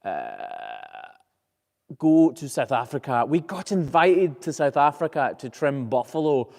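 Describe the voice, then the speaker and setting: A man's voice: fairly high pitch, normal speed, darkish tone, big-room sound. A man hosting a casual live Q&A as a professional hoof trimmer, reading viewer questions aloud and answering in a chatty, easygoing way with frequent "uh"s and restarts.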